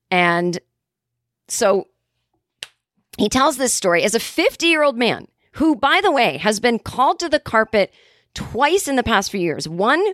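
A woman hosts her own podcast alone, riffing in a sarcastic, rambling way. Her voice sits at a middle pitch and is recorded dry, with no room sound. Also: no room sound. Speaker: podcast host. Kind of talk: solo podcast commentary.

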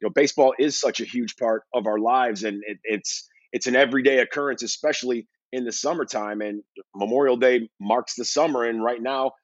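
A man's voice: medium pitch, brisk, no room sound, lo-fi sound. Podcast host guy, rambly chat, dry close sound. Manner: conversational, rambling with fillers. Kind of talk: casual sports podcast chat.

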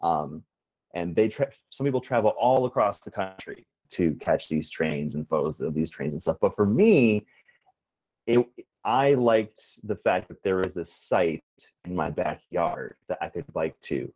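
Earnest deep-voiced man with many fillers. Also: lively intonation, darkish tone, low-quality recording. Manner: earnest, measured, with many ums and uhs. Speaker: guest, preservationist and rail fan. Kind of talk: casual interview answers.

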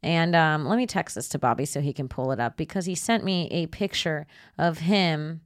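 A woman's voice: deep voice, normal speed, dry recording, studio quality. A woman co-hosting a podcast, crudely roasting listeners with lots of laughter. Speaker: podcast co-host. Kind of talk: casual comedic roast.

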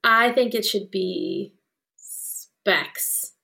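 A woman's voice: medium pitch, wildly swooping pitch, drawn-out words, vocal fry, pushed and bright. A woman playing a tabletop role-playing game, speaking earnestly and a little anxiously. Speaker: player.

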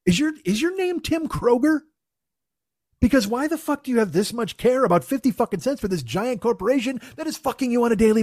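A man's voice: sits high, a little mellow, husky, no room sound, clean studio sound. A man telling a profane, exasperated comic story as a podcast co-host, mocking himself as he goes. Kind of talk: comedic storytelling rant.

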